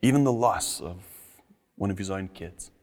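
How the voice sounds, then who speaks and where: Middle-aged man, pastor, sermon, deep, earnest emphatic repetition. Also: moderate pace, a little mellow, long reverb tail.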